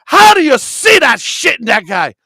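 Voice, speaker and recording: A hollering old wrestling villain spits insults in broken English, voice pushed high and hard, as a man puts him on. The sound is close and dry, with no room around it. He rants without pause. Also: big pitch swings, vocal fry, no room sound, full character voice. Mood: ranting. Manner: shouting, insult-spitting rant with broken English. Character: ranting old wrestling villain, male, accented, profane. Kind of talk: comedic impression on a podcast.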